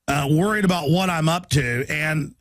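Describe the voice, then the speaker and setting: Halting, fast-bursting male radio host. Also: a little high, fairly bright tone, no echo. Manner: rapid bursts that slow into drawn-out phrases, halting restarts. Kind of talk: radio talk show discussion.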